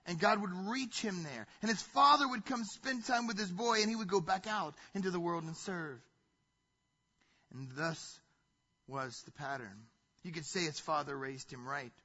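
High bright husky male preacher. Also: lo-fi sound. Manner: animated storytelling, swings between loud and hushed. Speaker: pastor. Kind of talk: sermon.

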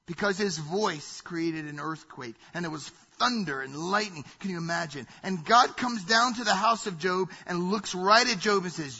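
A man preaching a sermon in a high, bright voice. He is dramatic, rising to loud acted quotes and then falling to hushed asides. His voice is husky, and the recording is dull and lo-fi. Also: expressive, normal speed. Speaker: pastor.

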